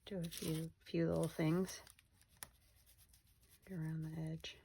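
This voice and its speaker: A middle-aged woman chatting casually as she works through a craft project at home, rambling and soft-spoken. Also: deep voice, flat delivery, unhurried, creaky. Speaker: crafting vlogger. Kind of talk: casual craft-along chat. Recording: faint background noise.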